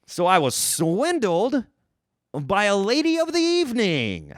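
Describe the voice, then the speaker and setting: A man's voice: high-pitched, unhurried, dry recording. Young guy on a podcast rambling thru a wild story, voice jumping all over, swears a lot, dry close sound. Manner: rambling and animated, swears freely, restarts often. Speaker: podcast host. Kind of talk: casual comedic storytelling.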